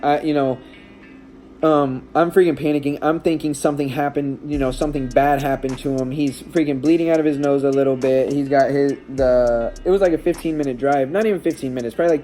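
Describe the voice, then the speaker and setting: With a warm, mid-range voice, the stepdad recounts something personal on his casual vlog. His telling is emotional and unsteady, wandering, full of fillers and frequent fresh starts.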